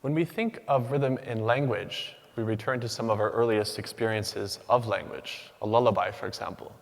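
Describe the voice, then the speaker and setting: Low-voiced young man lecturing in a hall. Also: creaky. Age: young adult. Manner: measured, rhythmic delivery with lists and pauses. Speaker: PhD candidate giving a symposium talk. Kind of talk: prepared academic lecture. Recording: long reverb of a large hall.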